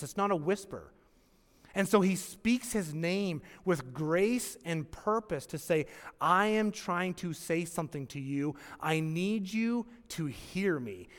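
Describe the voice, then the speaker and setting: A man preaching a sermon as pastor, with emphatic pauses and acted-out quotes. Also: on the high side. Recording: long hall reverb.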